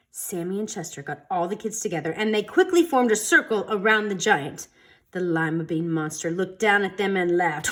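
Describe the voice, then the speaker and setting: A woman reading a children's storybook aloud in an expressive, dramatic storytelling manner. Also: fairly low pitch, moderate pace. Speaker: storytime reader.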